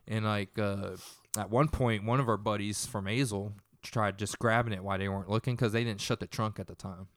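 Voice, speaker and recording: A man's voice: on the low side, steady tone, fairly quick, hardly any pauses, no room sound, studio quality. A young man casually retelling a tense story in a profane, rambling way.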